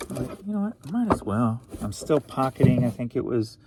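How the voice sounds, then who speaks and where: Heavy background noise surrounds a medium-pitched man whose voice swings widely in pitch as he talks a little fast. An eBay reseller from around St. Louis, he gives a loose, goofy recap of recent sales peppered with joking asides.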